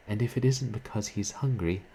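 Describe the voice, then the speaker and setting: A man's voice: lowish voice, a little fast, mellow, a little hiss or hum, pitched above the performer's own voice, lightly acted, low-quality recording. A man reading aloud and voicing an anxious young woman who nervously pleads during a bombardment. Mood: anxious, pleading.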